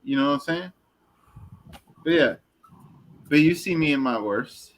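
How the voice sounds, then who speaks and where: A man's voice: fairly high pitch, expressive, unhurried, rough recording. A man in casual chat, speaking candidly and stumbling over his words as he restarts.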